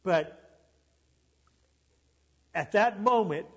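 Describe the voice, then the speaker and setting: An older man from Alabama with a Southern accent, preaching an impassioned sermon that swells loud and high, then sinks low. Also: very slow, slightly rough, in a large hall, highs cut off. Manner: impassioned, building to near-shouting then dropping low.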